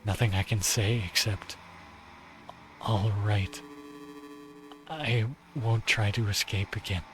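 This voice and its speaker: A man's voice: on the low side, steady tone, slow pace. A male streamer reading a visual novel aloud as its weary, despairing young male narrator, in a subdued and pained first-person voice. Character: weary, despairing young man being strangled.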